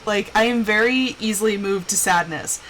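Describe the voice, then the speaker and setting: A woman's voice: medium pitch, moderate pace, fairly bright tone, a little hiss or hum, rough recording. A young woman chatting candidly while live-streaming a game, acting out quoted voices as she tells stories. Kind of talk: casual chat while gaming.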